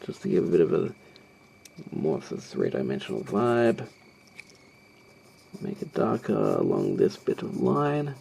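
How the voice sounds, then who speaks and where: A man's voice: lowish voice, wildly swooping pitch, measured pace, vocal fry, long pauses, dark tone, slight background noise. A man talking through a drawing tutorial as he sketches, hesitant and rambling, with many ums and self-deprecating asides. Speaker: art tutorial host. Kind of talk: narrating a live drawing tutorial.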